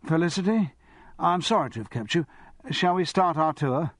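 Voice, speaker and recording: A man's voice: on the high side, expressive, normal speed, dry recording, clean studio sound, voice pushed up, close to an everyday voice. A man voicing a stiff, annoyed young English man who speaks coolly and curtly.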